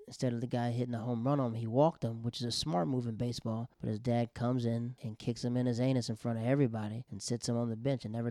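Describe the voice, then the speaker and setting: A TV show recapper, a man with a warm mid-range voice, casually goes over an episode in loose slang, cracking jokes about the writers along the way. The recording is clean studio sound with no room ambience.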